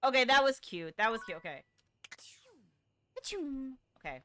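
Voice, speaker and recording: Bubbly, bright-voiced woman streaming a game. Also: high-pitched, sing-song, moderate pace. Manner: bubbly, swearing, reacting to the game. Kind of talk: casual game commentary. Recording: gaming stream with music behind.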